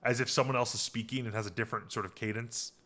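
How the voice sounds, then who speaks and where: A man's voice: medium pitch, fairly even intonation, quick pace, a bit bright. A man hosting a podcast, casually recapping a TV episode in a rambling way, full of fillers and restarts. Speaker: podcast host.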